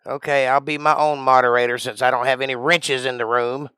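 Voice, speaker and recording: A man's voice: medium pitch, level tone, fairly quick, smooth, dry recording. Playful Georgia man, dry close sound. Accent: Georgia Southern. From Georgia, USA. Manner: playful, rambling, jokey with sudden loud outbursts. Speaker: livestream host. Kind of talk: casual livestream chat.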